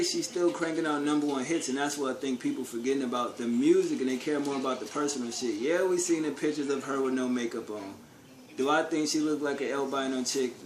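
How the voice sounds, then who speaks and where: There's slight background noise as a mid-range-voiced man delivers an offhand opinion rant for his vlog. Blunt and profane, he fills it with street slang and rhetorical questions, and the space sounds echoey with faint ambience.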